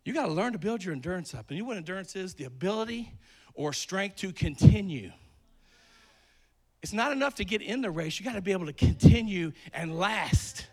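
A man preaching a sermon with lots of energy, swinging between loud emphasis and quiet asides, a bit out of breath. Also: sits high, lively intonation, a little fast.

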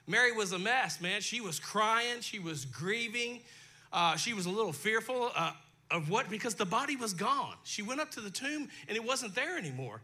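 A man's voice: sits high, animated, moderate pace, bright, forceful tone. A male pastor preaching a sermon in a folksy, conversational way, talking directly to his congregation, his throat dry. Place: church sanctuary.

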